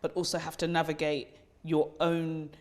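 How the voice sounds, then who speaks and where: A woman's voice: sits low, completely flat delivery, moderate pace. Candid woman hosting a podcast. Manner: heartfelt, candid, casual swearing. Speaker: podcast host and charity founder. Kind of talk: podcast conversation.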